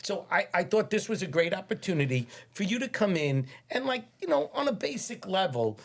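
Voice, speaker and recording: Chatty New podcast host. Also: male voice, high-pitched, big pitch swings, a little fast, gravelly. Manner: chatty, repeats words while finding his thought. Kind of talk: casual interview conversation.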